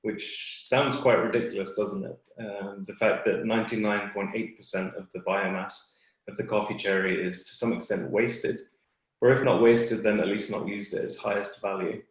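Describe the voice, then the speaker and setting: A man explaining clearly and patiently as a guest expert on a webinar. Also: lowish voice, steady tone, moderate pace, heavy reverb, low-quality recording.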